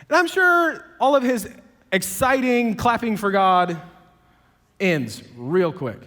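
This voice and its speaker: A male pastor preaches with lively, humorous storytelling. His voice sits high for a man. The sound carries the long reverb of a large church auditorium. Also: measured pace. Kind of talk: sermon.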